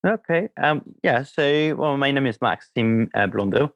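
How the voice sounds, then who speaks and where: A man's voice: mid-range voice, lively intonation, unhurried, no room sound, lo-fi sound. A man in his thirties from the south of France with a French accent, a podcast guest talking hesitantly with many fillers. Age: 30s. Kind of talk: casual podcast interview.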